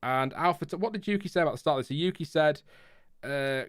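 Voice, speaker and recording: A man's voice: a little high, fast, smooth, dry recording, clean studio sound. A man hosting a casual live stream, chatty and laughing often as he reads out viewer messages and press releases. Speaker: livestream host.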